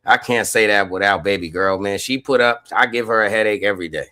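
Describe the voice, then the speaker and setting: A man's voice: fairly low pitch, brisk, sharp tone. A man chatting casually on a podcast as a guest, rambling through stories in slang and laughing as he goes.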